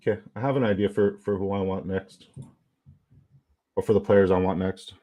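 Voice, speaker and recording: A young man casually chatting on a live stream, reading chat comments aloud, excitable and swearing freely. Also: low voice, normal speed. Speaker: fantasy football streamer.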